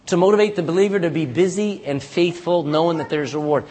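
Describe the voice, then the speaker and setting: Emphatic, lively preacher man. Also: high voice, fast, few pauses, faint music behind. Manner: emphatic, animated preaching with call-and-response "Amen?"; teasing, calls out congregants by name. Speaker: pastor. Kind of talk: sermon. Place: church sanctuary.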